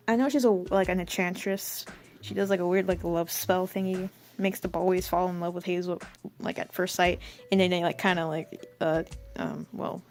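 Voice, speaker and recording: A woman's voice: medium pitch, darkish tone. A young woman rambling through her old comic with self-mocking casual commentary.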